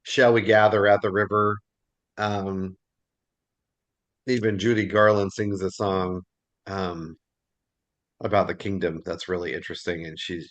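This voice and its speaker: A man leading a Bible study class in a relaxed, chatty way with plenty of fillers. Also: low-pitched. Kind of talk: casual class discussion.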